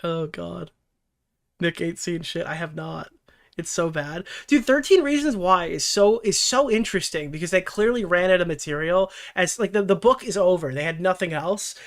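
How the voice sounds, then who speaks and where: A man's voice: sits high, expressive, normal speed. A young man hosting a casual livestream, rambling and swearing as he answers chat, laughing often and slipping into mocking impressions. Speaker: streamer and commentary host.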